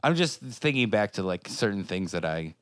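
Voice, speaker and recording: A man's voice: fairly low pitch, sing-song, moderate pace, smooth, no room sound, clean studio sound. A man co-hosting a podcast in casual chat, rambling with many filler words. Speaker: podcast co-host.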